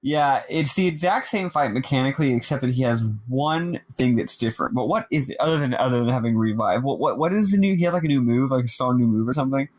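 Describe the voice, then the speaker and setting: An animated male podcast co-host who chats about a game and laughs often. His voice sits at a middle pitch. The sound is close and dry. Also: fast talker, few pauses, no room sound. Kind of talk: casual chat.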